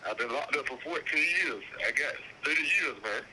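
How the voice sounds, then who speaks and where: A man's voice: mid-range voice, fairly quick. A man in his thirties calling from prison, talking in a laid-back way and ending his lines with "man". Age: 30s. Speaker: caller from prison. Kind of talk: casual phone call. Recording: tinny prison phone line, crowd noise.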